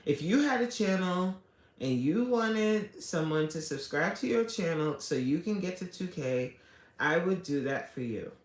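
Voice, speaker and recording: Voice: mid-range voice, lively intonation, unhurried. An adult livestreamer chatting casually with viewers, greeting them by name and pleading for subscribers. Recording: echoey room.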